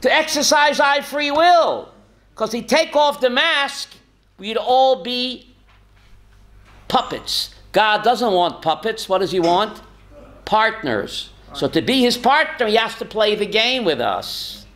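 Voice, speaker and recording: A man's voice: sits high, animated, slow, a bit bright. A man, a rabbi, teaching a Torah class in a folksy, joking way and quizzing his listeners by name. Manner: folksy, jokey asides.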